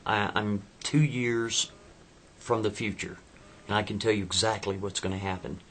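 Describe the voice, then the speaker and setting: A man's voice: fairly low pitch, fairly even intonation, normal speed, a bit bright, slight background noise, lightly acted. A man voicing a young time traveler in a spoken story, pleading and urgent.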